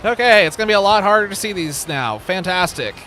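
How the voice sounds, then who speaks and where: A man's voice: high voice, animated, quick pace, bright, forceful tone, faint music behind. A man chatting casually while livestreaming a game, joking, rambling and laughing often. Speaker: streamer. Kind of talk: casual gaming livestream chat.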